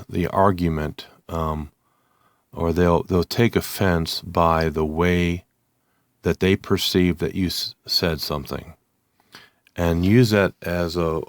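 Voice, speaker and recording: A man talking alone to his listeners, slowly and haltingly, with many ums and restarts. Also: low voice, dry recording, clean studio sound. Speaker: channel host. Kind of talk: unscripted monologue to camera.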